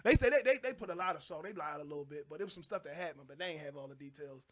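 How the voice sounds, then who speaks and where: A man from Baltimore, a guest telling a story in casual chat, animated and acting out the people in it. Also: on the high side, rapid-fire. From Baltimore, USA. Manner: animated, acts out voices in his stories, laughs often. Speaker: guest, Christian rapper.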